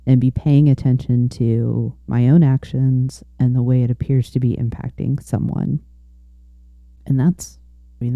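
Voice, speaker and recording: A woman's voice: very deep voice, dark tone, dry recording, highs cut off. A woman hosting a podcast interview, affirming and thoughtful as she talks with her guest. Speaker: podcast host. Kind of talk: conversational interview.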